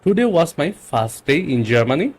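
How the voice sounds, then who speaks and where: A man teaching German vocabulary in English, explaining patiently and repeating phrases slowly. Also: on the high side, very animated, breathy edge. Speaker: language teacher.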